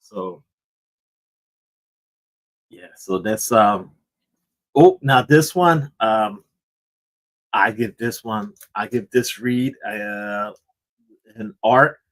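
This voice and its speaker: A man's voice: fairly low pitch, extremely slow, long pauses, fairly bright tone, rough recording. A man hosting a comic book show, chatting casually about a book, rambling, repeating words and often saying "man".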